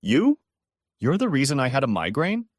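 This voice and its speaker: A man's voice: mid-range voice, big pitch swings, fast, dry recording, studio quality, pitched above the performer's own voice, lightly acted. A man voicing a troubled married woman who asks anxious, breathless questions. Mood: alarmed.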